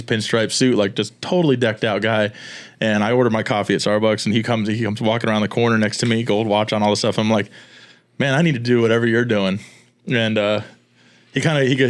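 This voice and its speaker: Fast-talking man hosting a podcast. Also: fairly low pitch. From Florida. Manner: fast, laughing storyteller. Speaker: podcast host. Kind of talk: casual podcast chat.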